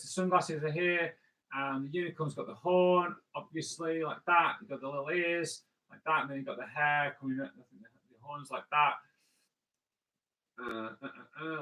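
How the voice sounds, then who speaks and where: A man's voice: a little high, pushed and bright, low-quality recording. A man hosting a live drawing stream, chatting playfully with viewers and thinking aloud as he draws. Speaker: comic artist host.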